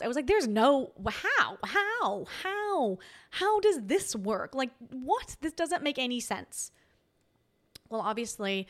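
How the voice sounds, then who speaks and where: A woman hosting a podcast, telling a personal story in an animated, dramatic way and acting out quoted voices. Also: fairly high pitch. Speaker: podcast host. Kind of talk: casual storytelling.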